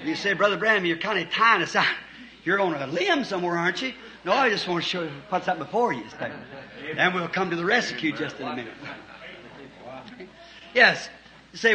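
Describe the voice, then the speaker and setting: A man preaching a fervent sermon, swinging from shouted points to quiet storytelling. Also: sits high. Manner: fervent, rising to shouts, then dropping soft for stories.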